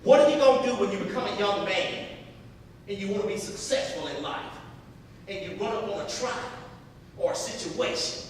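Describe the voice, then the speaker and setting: A determined, stern mother of twelve, put on by a man telling a story, speaks with loud emphasis in a high, lively voice. The sound comes from far off in an echoing hall. Steady background noise sits under it. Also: moderate pace.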